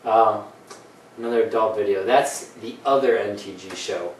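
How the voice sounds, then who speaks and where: A man's voice: fairly low pitch, moderate pace. Joking male host in an echoey room. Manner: rambling, jokey, slips into put-on voices. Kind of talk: casual comedy banter. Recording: echoey room, mic at a distance, faint ambience.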